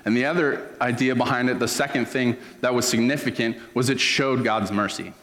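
A man's voice: medium pitch, steady tone, brisk, fairly bright tone. Male pastor giving a sermon, chatty and earnest, mid voice, big reverb hall. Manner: conversational, earnest storytelling.

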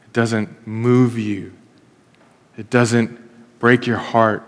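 Animated preacher in an echoing church hall. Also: male voice, medium pitch, drawn-out words. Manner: conversational storytelling, acts out quoted voices. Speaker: pastor. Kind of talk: sermon. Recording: long reverb in a hall.

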